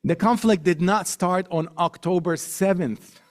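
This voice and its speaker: A middle-aged man giving a public talk to an audience, emphatic, building points through repetition and lists, slowing down to stress key words. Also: sits high. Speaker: guest speaker.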